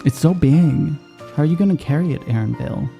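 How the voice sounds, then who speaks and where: A man streaming a video game, reacting with excitable, profane commentary that jumps high when surprised. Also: fast talker, creaky, dull audio, faint music behind.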